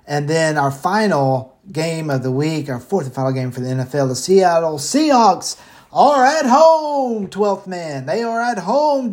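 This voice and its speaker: A man hosting a casual football picks show from home, rambling and swearing casually, short of breath as he talks. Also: a little high. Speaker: sports picks host. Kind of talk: casual sports betting talk.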